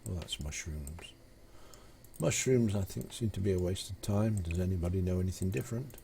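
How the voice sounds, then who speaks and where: Low, mellow-voiced man streaming. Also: moderate pace, creaky, a little hiss or hum. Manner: rambling, hesitant with many fillers and restarts. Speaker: live-stream gamer. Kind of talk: casual live-stream chat, telling jokes.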